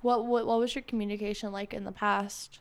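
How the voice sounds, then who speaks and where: A woman hosting a podcast in a casual chat, rambling and animated with many fillers. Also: mid-range voice, brisk. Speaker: podcast host.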